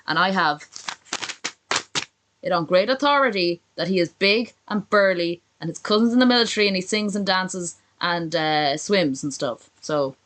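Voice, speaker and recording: A woman live-streams her reaction to a video, swearing freely and dripping with sarcasm. Her voice sits a little low for a woman. Her pitch leaps and dips expressively as she talks. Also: animated, normal speed, a bit bright, a little hiss or hum, rough recording. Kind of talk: casual profane live-stream commentary.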